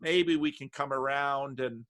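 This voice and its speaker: A man from New Jersey hosting a casual conversation over a video call, talking in halting bursts with many restarts and fillers. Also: medium pitch, a bit bright. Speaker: host.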